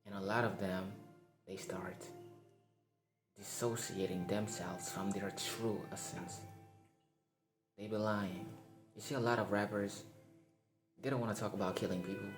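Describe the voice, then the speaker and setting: A man delivering an impassioned, slangy motivational monologue to artists, often dropping into hushed whispers. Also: lowish voice, steady tone, moderate pace, long pauses. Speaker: artist giving a motivational rant. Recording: roomy echo with loud music behind.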